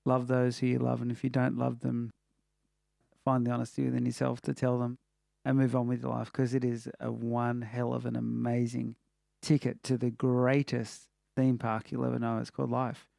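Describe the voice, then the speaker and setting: A man's voice: mid-range voice, monotone, moderate pace, creaky, mellow, no room sound, studio quality. A man hosting a casual interview show, chatty and full of "you know" fillers. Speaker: podcast host.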